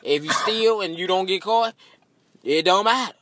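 A man's voice: high voice, moderate pace, background noise. A man delivering a profane comic rant, laughing often at his own jokes. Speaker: comedian.

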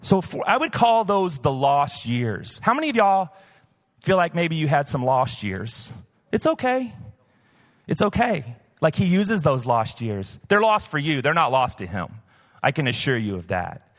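Pastor, male, 50s, from the southern US; casual storytelling sermon, lightly raised pitch, live hall echo. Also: sing-song, moderate pace, a bit bright. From southern United States. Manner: conversational, personal storytelling with many "like" fillers. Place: church, recorded live. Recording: live church hall reverb.

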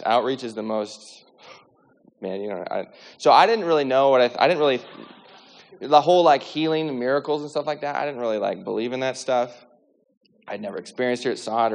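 A man telling a personal faith testimony in a lively, animated way, acting out the dialogue and using lots of filler words. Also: medium pitch. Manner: lively, acts out quoted dialogue, many "like" fillers. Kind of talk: animated storytelling. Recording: long hall reverb.

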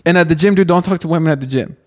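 A man's voice: on the high side, rapid-fire, darkish tone, slight background noise. A young man from Texas telling a rambling, restart-filled story in casual podcast chat, peppering it with "dude". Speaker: podcast co-host.

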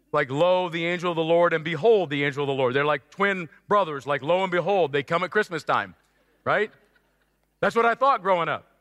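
A high, bright male voice delivers a sermon in an animated, playful way, with sudden loud stresses on key words. The sound is close and dry, but a long reverb trails behind it. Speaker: pastor.

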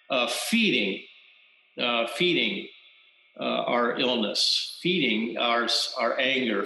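A man giving a Zen dharma talk, speaking reflectively and haltingly, with frequent restarts. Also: medium pitch, pushed and bright. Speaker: Zen Buddhist teacher. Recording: roomy echo.

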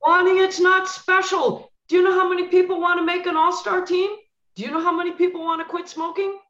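Animated woman coach, echoey dull audio. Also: extremely high pitch, quick pace. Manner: animated, acts out dialogue with emphatic repetition. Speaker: former basketball coach, now coaching clients. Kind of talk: podcast conversation, storytelling.

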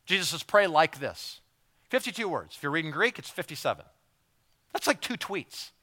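A man preaching a sermon in a conversational way, repeating words as he goes and acting out quick asides. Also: fairly high pitch, big pitch swings, sharp tone. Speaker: pastor.

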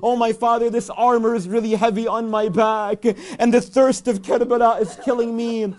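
Impassioned high-voiced male preacher. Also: little pitch movement, normal speed. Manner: impassioned, rising to cries and shouts. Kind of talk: emotional religious recitation sermon.

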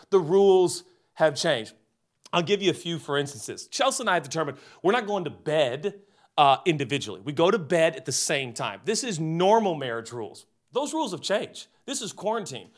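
A man in his forties preaching a comedic sermon, animated and jokey, turning earnest. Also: a little high. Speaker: pastor.

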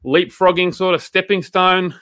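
A man's voice: high voice, fairly even intonation, moderate pace, pushed and bright. An Australian man in his thirties co-hosting a podcast, blokey and slangy, ranting with animation. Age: 30s. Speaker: podcast co-host. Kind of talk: casual podcast chat.

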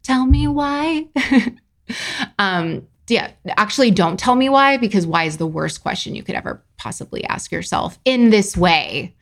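A woman's voice: lowish voice, expressive, moderate pace, creaky, few pauses. A woman in her thirties hosting a solo podcast as a coach, talking candidly with profanity and self-mocking asides. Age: 30s. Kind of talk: casual solo podcast monologue.

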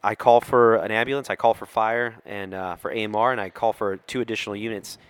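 A man's voice: lowish voice, fast talker, smooth. A middle-aged man, a police officer, telling a story on a podcast and acting out the quoted lines. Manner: animated storyteller who acts out quoted lines.

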